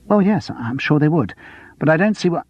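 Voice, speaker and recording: Man doing a flustered theatre box office mum, higher voice, husky, defensive, lo-fi dry recording. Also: animated, moderate pace, darkish tone, dry recording. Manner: anxious, defensive, sarcastic. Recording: dull lo-fi dry audiobook recording.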